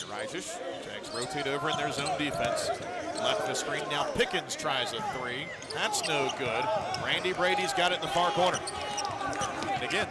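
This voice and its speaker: A man doing live radio play-by-play of a college basketball game, calling each pass in short clipped phrases and rising sharply when a basket falls. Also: a little high. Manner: rapid clipped play calls, rising sharply at big plays. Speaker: play-by-play announcer. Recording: loud arena noise behind.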